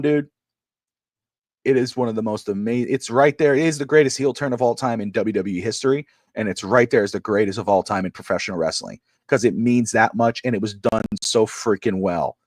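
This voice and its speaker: A mid-pitched man holds forth on a sports talk show in a loose, excitable ramble. He trips over his own words and restarts sentences as he goes. The recording is dry and close, with no room echo. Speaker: sports podcast co-host.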